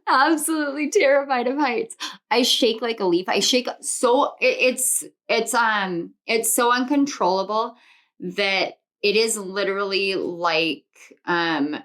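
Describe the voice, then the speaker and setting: Speaking slowly in a mid-range, fairly bright voice, a woman gives a pick-a-card tarot reading with a spiritual focus. She reassures earnestly, stacks affirmations in rhythmic runs, and drifts into personal digressions.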